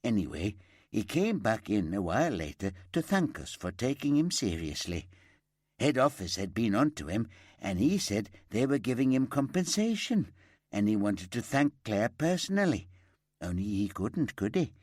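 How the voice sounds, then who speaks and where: A man's voice: lowish voice, very animated, normal speed, darkish tone, dry recording, studio quality. A man voicing a chatty middle-aged woman shop worker who rambles and gossips. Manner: gossipy, rambling, eager to help. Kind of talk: audiobook character voice.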